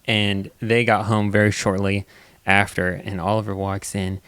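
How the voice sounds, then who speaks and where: Animated young man telling stories. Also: on the low side, normal speed, clean tone, dry recording, clean studio sound. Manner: animated storytelling with big quoted voices. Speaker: podcast co-host. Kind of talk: casual chat.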